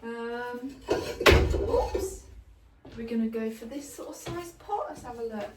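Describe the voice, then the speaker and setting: A woman's voice: a little high, expressive, measured pace, over loud music. A woman chatting casually and rambling a little as she pots up plants in a greenhouse. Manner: chatty and rambling, lots of ums and likes. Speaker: gardening vlogger. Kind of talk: casual chat while potting plants. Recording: roomy, mic at a distance.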